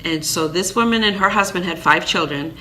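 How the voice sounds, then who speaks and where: A woman from Maine tells a personal story in an animated, chatty way. Her voice sits a touch low but sounds bright, and she leans on fillers and restarts. Faint noise sits behind her. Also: fairly quick. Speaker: vlogger, single parent.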